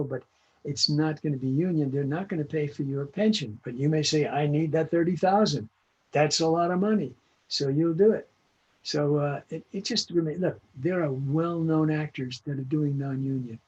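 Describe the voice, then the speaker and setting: An older man with a husky, slightly higher voice talks bluntly and emphatically, hammering home practical advice. The audio is dull and lo-fi, as from a video call. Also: darkish tone. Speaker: veteran voice actor guest. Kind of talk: interview over video call.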